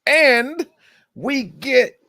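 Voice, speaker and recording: Animated laughing man reviewing movies. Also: very high-pitched, extremely slow, gravelly, no room sound. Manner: animated, laughing, profane, with lots of quoted voices. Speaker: podcast host. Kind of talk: casual movie review chat.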